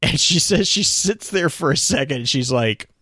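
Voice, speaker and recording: A man's voice: fairly high pitch, expressive, moderate pace, pushed and bright, husky, dry recording, clean studio sound. A man co-hosting a podcast, retelling a story in casual chat with many restarts and bursts of laughter. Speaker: podcast co-host.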